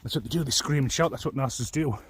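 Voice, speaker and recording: A man delivers a long, rambling vlog rant, swearing freely and sounding deeply aggrieved. His voice sits in an ordinary middle pitch and has a husky, rough edge. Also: racing. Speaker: vlogger. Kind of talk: angry personal rant.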